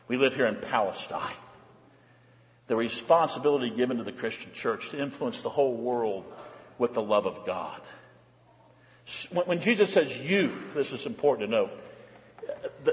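A man preaching a sermon as pastor, emphatic, rising high and then dropping to a low murmur. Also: expressive, normal speed. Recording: long reverb of a church hall.

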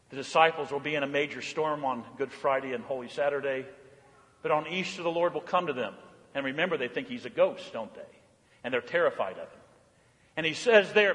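A man preaching a sermon in a church, his fairly high voice trailing off into long reverb from the hall. He moves from forceful, emphatic lines to hushed, tender ones, repeating words for weight. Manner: swings from loud, emphatic declarations to soft, hushed tenderness. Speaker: pastor.

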